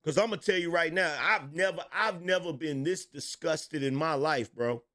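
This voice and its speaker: A man's voice: a little high, normal speed, bright, forceful tone. A middle-aged man runs his livestream commentary in a slightly raised voice. He speaks bluntly and emphatically, repeating lines for weight and cursing freely as he reads out chat messages.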